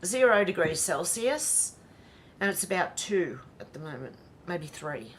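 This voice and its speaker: A woman's voice: on the low side, big pitch swings, unhurried, a little hiss or hum. An Australian woman hosting a casual livestream, reading viewer comments aloud and greeting each by name. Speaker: livestream host reading chat.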